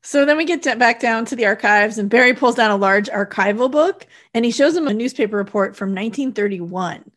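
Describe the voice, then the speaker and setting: A woman's voice: on the high side, a little fast, hardly any pauses. A woman in casual chat, walking through a film's plot step by step with dates and times. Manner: steady plot summary, reads out dates and times. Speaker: podcast co-host. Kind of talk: casual chat recapping a film.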